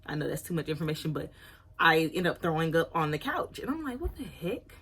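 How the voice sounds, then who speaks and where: Low husky woman telling a storytime. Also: big pitch swings, fast, fairly bright tone. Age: around 30. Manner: candid, chatty, apologizes for oversharing. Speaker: vlogger. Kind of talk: storytime vlog.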